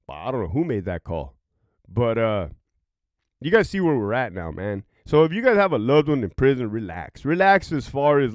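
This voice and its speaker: Profane, animated former prison guard, a man. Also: mid-range voice, no room sound, studio quality. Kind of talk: casual vlog storytelling.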